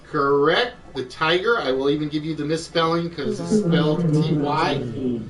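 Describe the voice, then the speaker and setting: A man hosting an online quiz show, chatting and thinking aloud, reading clues out slowly. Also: a little high, a bit bright, recorded from a distance, low-quality recording. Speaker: game show host. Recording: voice a bit off-mic with music behind.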